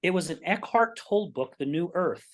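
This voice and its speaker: A middle-aged man from Utah, a podcast guest, telling personal stories in a lively way and acting out the dialogue. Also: sits high, normal speed. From Utah, United States. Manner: animated, acts out quoted dialogue in his stories. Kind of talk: personal storytelling in a podcast interview.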